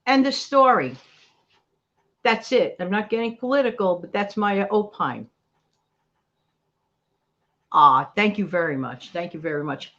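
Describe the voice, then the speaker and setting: A woman's voice: medium pitch, animated, unhurried, pauses often, a bit bright, dull audio. A middle-aged woman with a New York accent, chatting live and encouraging her viewers in a motivational way. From New York City. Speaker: livestream host. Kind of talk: casual live chat.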